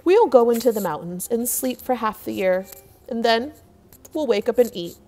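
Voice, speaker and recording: A woman voicing a big, fat, lazy male bear who talks in a gruff, bossy way. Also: fairly high pitch, animated, normal speed, mellow, voice pushed up. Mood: mocking. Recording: long hall reverb.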